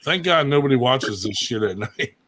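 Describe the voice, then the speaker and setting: A man in the middle of an evening chat, telling crude, rowdy stories with heavy swearing and his own laughter breaking in. His voice sits at an ordinary pitch. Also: lively intonation, normal speed, fairly bright tone. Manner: crude, profane, laughing storyteller. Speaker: show regular. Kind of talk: casual chat, storytelling.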